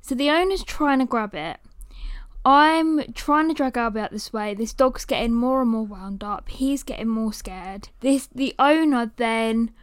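A woman hosting a podcast, telling a story in a lively, animated way and sometimes cooing at her dog. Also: a little high, a little slow, clean tone, dry recording, clean studio sound. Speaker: podcast host.

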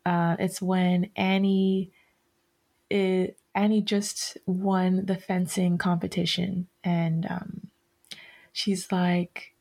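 Woman podcast host, slow and meandering, lots of fillers and restarts. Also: fairly low pitch, little pitch movement, a little mellow. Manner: rambling, self-correcting, many fillers. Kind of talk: casual chat.

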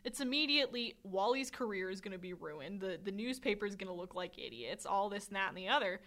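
A woman's voice: medium pitch, animated, fast, fairly bright tone. A woman co-hosting a podcast, chatting casually about a film and laughing often as she retells its scenes. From Swedish. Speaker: podcast co-host.

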